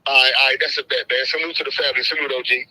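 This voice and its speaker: A man's voice: medium pitch, steady tone, rapid-fire, bright, forceful tone, rough recording. A man calling in as a guest to a live stream, speaking in a laid-back, friendly way with slang. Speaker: guest, boxing channel host. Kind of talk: casual chat.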